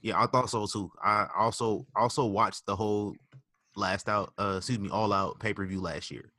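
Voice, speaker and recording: Male podcast host, bright, tense tone, rambling delivery with restarts, dry close mic. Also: lowish voice, steady tone, moderate pace, no echo. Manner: rambling, stumbles and restarts, many ums. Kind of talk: casual podcast chat.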